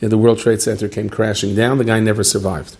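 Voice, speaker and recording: A man speaking as a rabbi, giving a Purim talk to a live audience as an animated storyteller who banters with his listeners. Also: fairly low pitch, fast, slightly rough.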